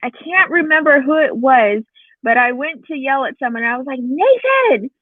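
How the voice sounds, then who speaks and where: A woman's voice: high voice, moderate pace, dry recording. A woman chatting in a support group call, telling family stories with lots of laughter. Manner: animated storyteller, laughs often, acts out quotes. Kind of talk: casual chat. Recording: tinny phone line, dry.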